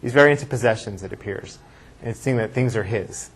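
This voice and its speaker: A rabbi teaching a classroom lecture, thinking aloud and reading verses aloud with emphasis, with class discussion. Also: male voice, fairly low pitch, brisk, a little hiss or hum.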